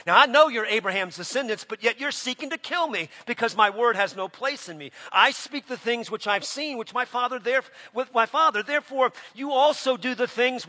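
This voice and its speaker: Impassioned preacher man in a reverberant hall. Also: high voice. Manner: impassioned, swings from hushed to shouting. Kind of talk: sermon.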